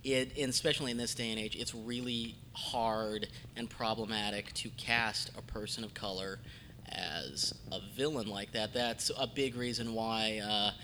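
A man with a bright, forceful tone and a fairly low voice, moderating a fan panel from the United States. He speaks in a thoughtful, measured way and turns to the audience for questions. A faint hum of noise sits behind him on the panel mic. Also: fairly even intonation, low-quality recording.

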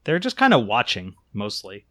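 A man's voice: fairly low pitch, huge pitch swings, normal speed, sharp tone, dry recording, poor audio. A man narrating a tabletop game as game master, hesitant and full of fillers.

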